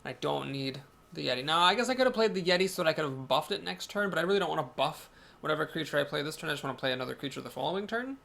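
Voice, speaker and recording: A man's voice: a little high, animated, racing, gravelly, bright, forceful tone. A man talking casually over his card game, thinking aloud, chatty and self-deprecating. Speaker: game video host. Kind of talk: casual gameplay commentary.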